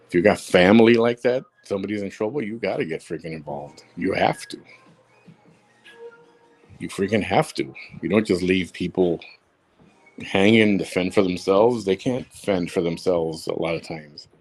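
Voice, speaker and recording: A man from Chicago, hosting a solo audio show, talking bluntly and heatedly, repeating himself for emphasis. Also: low-pitched. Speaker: podcast host.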